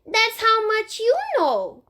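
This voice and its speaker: A woman's voice: extremely high pitch, very animated, pushed and bright, voice pushed up, exaggerated voice. A woman doing a squealing little boy. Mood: playful. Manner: squealing, drawn-out questions. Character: playful little boy pretending to be a bird.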